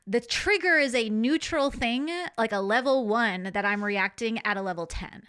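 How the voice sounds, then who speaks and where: Female therapist guest, bright higher voice, emphatic explainer. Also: moderate pace, hardly any pauses, smooth. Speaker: psychotherapist guest. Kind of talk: explanatory conversation.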